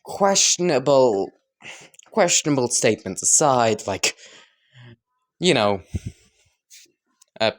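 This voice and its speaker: A man casually improvising and rambling through a fan story, full of fillers and side comments. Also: medium pitch. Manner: rambling, giggly, lots of "like".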